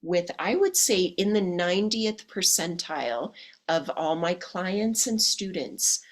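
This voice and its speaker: A woman in her thirties coaching listeners in a chatty podcast monologue, her voice slightly hoarse from illness. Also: on the low side. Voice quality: husky. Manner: chatty, calls listeners "my darlings" and "ladies". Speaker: dating coach. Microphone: podcast microphone.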